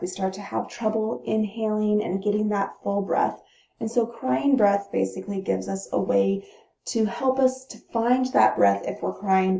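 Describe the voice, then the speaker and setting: A woman teaching breathing techniques in a calm, instructional way, pausing to demonstrate the breaths. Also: medium pitch, gravelly. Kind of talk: gentle instructional talk. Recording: roomy, dull lo-fi sound.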